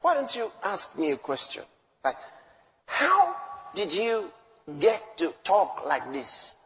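A man preaching a sermon, emphatic, swinging between loud declarations and low asides. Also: huge pitch swings, takes it slowly, in a large hall, muffled recording.

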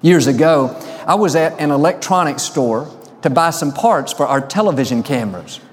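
A man preaching a sermon, telling stories and slowing down to stress key lines. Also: on the high side, animated, long reverb tail. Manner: storytelling, slows for emphasis. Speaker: pastor.

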